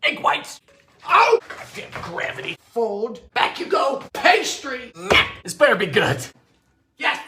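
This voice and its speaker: A man hosting a baking video, narrating in a theatrical, sardonic way with sudden high-pitched exclamations, in a home kitchen. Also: sing-song, slow, very noisy. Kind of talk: comedic cooking narration. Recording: echoey room sound.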